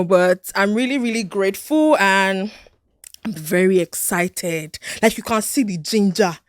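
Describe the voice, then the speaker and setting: A woman's voice: mid-range voice, pushed and bright, no echo, clean studio sound. A young Nigerian woman hosting her podcast, bubbly and hyped up, chatting casually on her own. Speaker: podcast host. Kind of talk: casual solo podcast chat.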